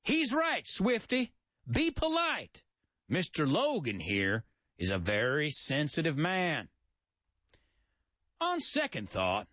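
A man's voice: a little high, pushed and bright, no echo, studio quality, exaggerated voice. A man doing a drawling Southern tough guy. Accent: Southern US twang. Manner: drawling, gruff trash talk. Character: rough-talking Southern American men in a movie scene.

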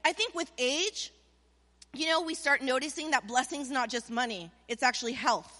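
Casting note: middle-aged woman pastor, high voice, lively call-and-response sermon, long church-hall reverb. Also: normal speed. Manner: animated preaching with call-and-response.

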